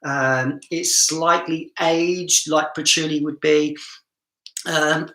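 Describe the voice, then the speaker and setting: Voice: mid-range voice, fairly even intonation, slow pace, bright, forceful tone, reverberant. A fragrance reviewer with a southern English accent, chatting through a live stream in a self-mocking way and laughing often.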